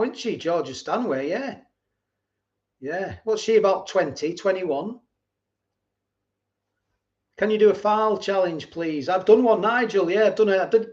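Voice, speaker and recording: Reading out viewer comments on his livestream, a middle-aged man chats casually, rambling and repeating himself. He speaks in a high-pitched, slightly mellow voice. The audio has a dull, lo-fi stream quality.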